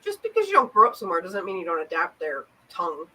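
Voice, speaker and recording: A woman's voice: lowish voice, huge pitch swings, fast, sharp tone, husky, rough recording. A woman with a Canadian accent co-hosting a casual chat, chatty, teasing and giggly. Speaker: co-host.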